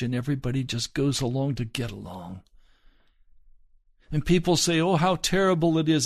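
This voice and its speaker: A man preaching a sermon, earnest and pleading, speaking slowly and deliberately. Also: medium pitch, vocal fry, darkish tone, dry recording, studio quality.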